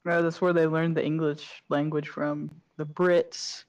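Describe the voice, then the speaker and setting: A woman's voice: sits low, little pitch movement, a little slow, a little mellow, distant mic. A woman chatting casually while streaming a game, guessing aloud with hesitant restarts. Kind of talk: casual let's-play chat.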